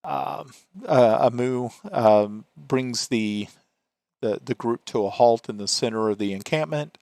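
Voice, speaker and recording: A man's voice: medium pitch, measured pace, creaky, darkish tone, no echo, clean studio sound. A man narrating as game master of a tabletop game, hesitant and full of fillers.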